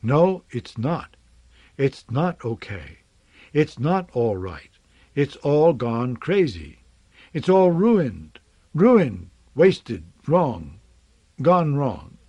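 Guy doing a wrecked bitter dad, slow broken words, sarcastic, lively pitch. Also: dry recording, highs cut off. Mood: despairing. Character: distraught, bitter husband and father.

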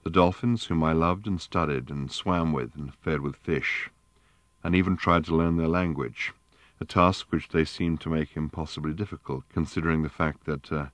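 A man voicing an eccentric older male scientist who explains himself calmly and earnestly, in a lecturing, reflective manner. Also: very deep voice, dry recording. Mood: low wistful.

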